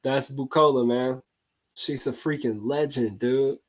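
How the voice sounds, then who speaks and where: An excitable man hosts a casual talk to his viewers in a loose, slangy way. He laughs often and keeps calling out to the audience. His voice sits at an everyday pitch for a man. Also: measured pace. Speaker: host.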